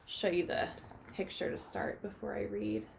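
A woman teaching a children's Bible lesson from her home playroom, talking gently to the kids and asking them questions. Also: mid-range voice, level tone, moderate pace, vocal fry, slight background noise.

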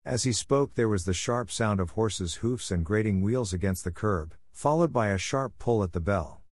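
A man narrates an audiobook in a measured, even manner, his voice sitting fairly low. The recording is close and very dry, with no room sound at all. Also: no echo.

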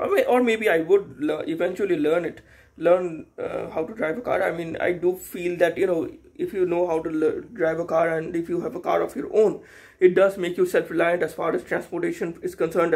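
A man's voice: on the high side, gravelly, darkish tone. A young man, talking casually to camera in a hesitant, rambling way, full of fillers and restarts. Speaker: YouTuber. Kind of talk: casual unscripted vlog monologue.

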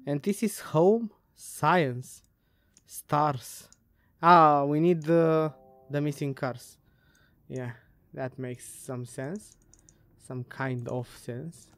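A woman's voice: low-pitched, darkish tone, no room sound, clean studio sound. A woman playing a puzzle game and giving let's play commentary, muttering, swearing and laughing to herself. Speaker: gamer.

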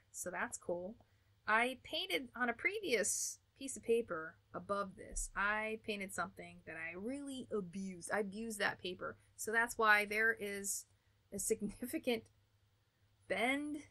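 American lady reviewing art supplies, chatty, bright voice, laughs a bit. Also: on the high side. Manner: chatty and upbeat, with small laughs and restarts. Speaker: art channel host. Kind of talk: casual product review.

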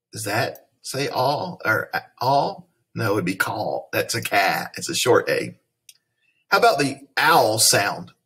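A man leads a recorded phonics lesson for children at an unhurried, deliberate pace. His voice is a little husky, and he patiently repeats and stretches the vowel sounds for young listeners. The delivery stays steady and teacherly throughout. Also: lowish voice.

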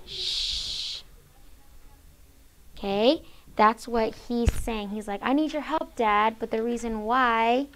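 Woman teacher, fairly high voice, reads a story aloud in class and hushes the kids. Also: vocal fry, slight background noise. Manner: reads quoted lines with changed voices, hushes students often. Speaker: sixth grade teacher.

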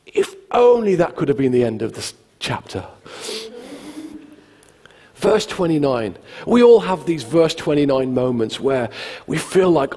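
In a big-sounding church hall, a male pastor with a fairly high voice delivers a sermon unhurriedly. He relates his stories in a chatty, lively style and performs each quote.

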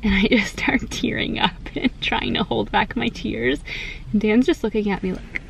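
Soft-spoken young woman chatting quietly. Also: a little high, moderate pace, creaky, a little hiss or hum, low-quality recording. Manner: chatty, giggly, rambling. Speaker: family vlogger. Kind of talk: casual vlog chat. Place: inside a parked car.

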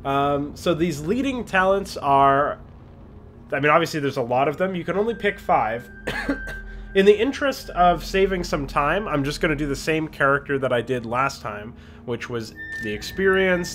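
A man with a fairly bright, higher-leaning voice hosts a let's-play, chatting casually and enthusiastically about the game he's playing.

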